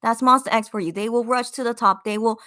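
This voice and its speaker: A woman hosting a casual livestream podcast, reading chat comments aloud and gushing with excitement through lots of fillers. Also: on the high side, fast. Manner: excited, gushing fan talk with many fillers.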